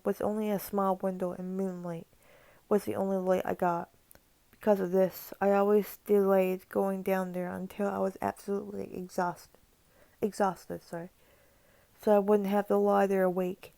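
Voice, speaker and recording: A woman narrating a horror story for her channel, her voice gravelly and mellow with a fairly flat delivery. The sound is dry and close. She stumbles on words here and there and slips in casual asides. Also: mid-range voice, no echo. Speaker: creepypasta narrator. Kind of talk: reading a horror story aloud.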